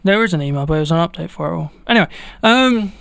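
A man's voice: fairly high pitch, expressive, fast, vocal fry, a bit bright, no room sound. A man presenting a local radio show in chatty, playful links from a small studio. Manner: breezy, playful slang. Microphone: studio microphone.

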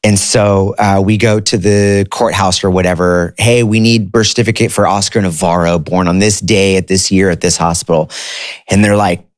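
Deep-voiced man telling a personal story. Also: no room sound, studio quality. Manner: conversational, loose, says "dude" and "like" often.

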